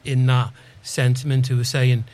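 A man co-hosting a radio chat, jumping in with quick agreements. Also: mid-range voice, level tone, a little mellow. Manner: quick agreeing interjections, laughs often. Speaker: radio co-host. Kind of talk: casual studio chat.

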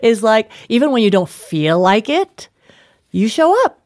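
A woman's voice: unhurried, no room sound. A middle-aged woman, an author being interviewed, telling funny family stories in casual conversation, laughing and acting out quotes. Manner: animated, laughing, acts out quotes with big pitch jumps. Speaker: author and guest.

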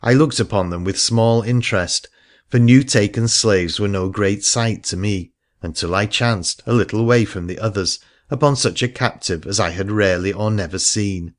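Deep-voiced man reading an adventure tale. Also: moderate pace. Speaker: audiobook narrator. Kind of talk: scripted first-person narration.

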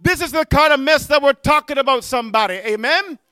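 A man preaching a fiery sermon, breaking into shouts and tossing out "amen?" to the congregation. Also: very high-pitched, fairly quick, no room sound, clean studio sound. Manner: emphatic, punctuates with "amen?" and shouts.

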